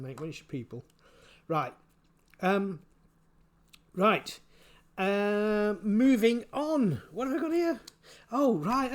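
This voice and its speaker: A man giving casual spoken commentary, halting and repeating his words, chuckling often. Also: high voice. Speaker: vlogger.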